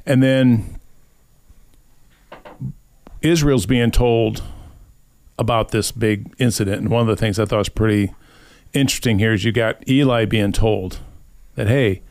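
Lively man retelling a story, dry close mic. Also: on the low side, unhurried, pauses often, dry recording. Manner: animated storyteller who acts out voices in quotes. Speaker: podcast host. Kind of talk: casual podcast chat retelling scripture.

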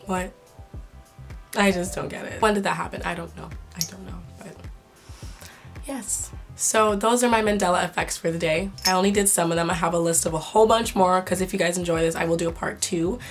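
A young woman vlogging casually to camera, excitable and incredulous, with a sore throat. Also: on the low side, quick pace, soft background music. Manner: excitable, swearing, laughing, incredulous.

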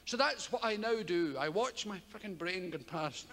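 Older Scottish comedian with high, lively voice. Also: male voice, moderate pace. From Scotland. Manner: rambling, profane, frequent laughs. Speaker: stand-up comedian. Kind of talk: stand-up comedy. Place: large theatre stage. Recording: live theatre, long reverb, audience noise.

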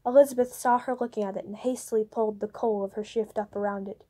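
A woman reading a novel chapter aloud in steady storybook narration. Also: mid-range voice, fast talker. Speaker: audiobook reader.

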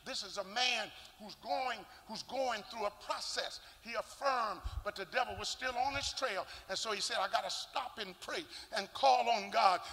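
An older man, a bishop, preaching a sermon with shouting, rhythmic sing-song delivery and call-and-response. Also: sits high. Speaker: bishop and pastor. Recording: long church reverb.

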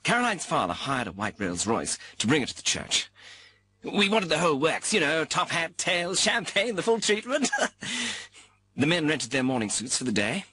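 A man's voice: on the high side, very animated, normal speed, pushed and bright, husky, exaggerated voice. A young man playing a newly married groom, chatting about his wedding with a laugh now and then. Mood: relaxed. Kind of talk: scripted personal account.

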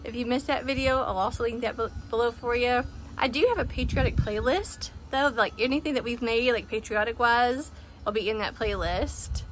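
A woman with a slightly high voice walks her phone camera around her front porch in a casual home decor walkthrough. She is chatty and upbeat, laughing often and letting excited squeals slip out. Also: moderate pace, music in the background. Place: outdoors on a front porch and yard.

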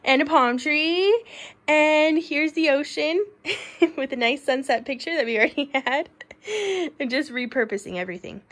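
A woman in her thirties films a chatty walkthrough vlog of her basement on a handheld phone, touring its rooms. Her voice is on the high side and a bit bright, she laughs often, and she drops to a whisper in a spooky room.

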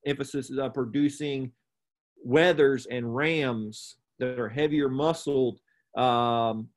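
A man of middle pitch walks learners through livestock judging in a plain, methodical classroom manner. He pauses on fillers and corrects himself mid-sentence as he explains. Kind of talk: instructional explanation.

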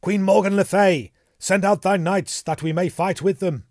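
A man's voice: a little high, moderate pace, darkish tone, dry recording, clean studio sound, voice pushed up, close to an everyday voice. A man voicing a bold, righteous male knight, declaiming in raised, formal old-fashioned speech. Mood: shouting challenge.

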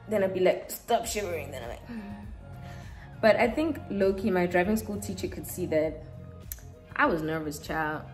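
A young woman from Africa, chatting casually through a makeup routine and telling a story, animated and acting out what people said. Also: mid-range voice. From South Africa. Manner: chatty and animated, acts out quotes. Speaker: beauty vlogger.

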